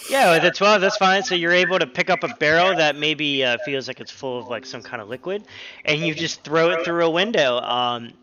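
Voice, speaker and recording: A man narrating as game master of a tabletop role-playing game, relaxed and hesitant, with many pauses and fillers. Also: fairly high pitch. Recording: slightly dull lo-fi audio with faint music.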